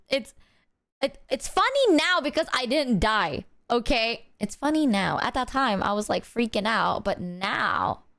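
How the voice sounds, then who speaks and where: Animated swearing streamer woman. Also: on the high side, no room sound, studio quality. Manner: animated, swearing, acts out quoted voices. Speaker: livestreamer. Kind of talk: casual storytelling to chat.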